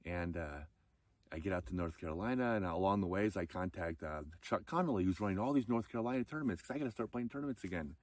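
In this personal storytelling, a man with a low, expressive voice recounts his life at a quick pace, openly emotional and close to tears at moments. He raises his voice to act out what friends said, and the recording has no echo.

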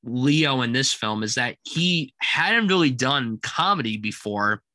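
A man's voice: mid-range voice, expressive, measured pace, no echo. A young man in casual film review chat, talking enthusiastically about a movie he loves. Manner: enthusiastic, quotes lines in loud put-on voices. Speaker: film podcast co-host.

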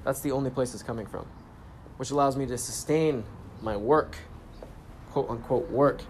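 Young male vlogger, relaxed storyteller, casual profanity, spiritual sign-offs, mid pitch. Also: moderate pace, a little hiss or hum. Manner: laid-back, swears freely, spiritual catchphrases. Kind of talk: casual self-help vlog storytelling. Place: grocery store trip, talking on the go.

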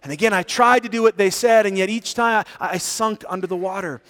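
A man preaching a sermon as pastor, telling stories with animated rises and hushed drops for emphasis. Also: high-pitched, brisk, in a large hall. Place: church sanctuary.

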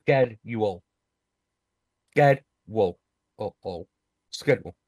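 A man's voice: fairly low pitch, lively intonation, slow pace, darkish tone. A young man with a British accent, chatting casually over online voice chat, mocking his friend and swearing freely.

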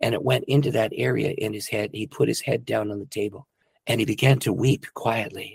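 A man's voice: lowish voice, steady tone, a little fast, creaky, breathy edge, no room sound. A middle-aged male pastor telling a personal testimony in an earnest, emotional way. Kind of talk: testimony storytelling.

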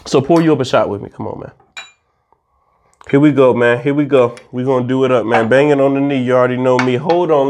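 A man hosting a casual drinking vlog, talking in a playful, rambling, slangy way and sometimes spelling words out slowly for emphasis. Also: mid-range voice, darkish tone. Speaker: vlog host.

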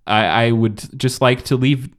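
A man's voice: mid-range voice, steady tone, unhurried. A man co-hosting a podcast, joking and teasing in casual chat. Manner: dry, teasing jokes. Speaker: podcast co-host.

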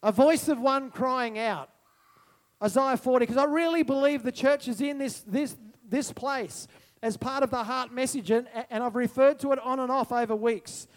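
Aussie guy preaching, really high voice, fired up then goes quiet, keeps asking the church for an amen. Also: normal speed. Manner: passionate, swings between loud proclamation and soft musing; calls out to the congregation for responses. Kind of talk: sermon.

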